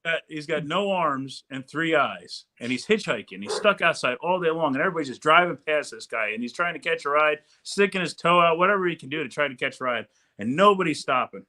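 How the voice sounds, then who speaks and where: Bright-voiced man telling jokes. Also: fairly high pitch, animated, a little fast. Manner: joke-telling, playful storyteller. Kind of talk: casual chat.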